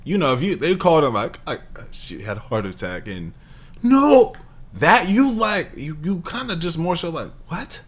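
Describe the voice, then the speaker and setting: A man's voice: on the high side, big pitch swings, normal speed. A man giving casual reaction commentary over a video, talking in incredulous, rambling bursts and exclamations. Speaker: reaction streamer.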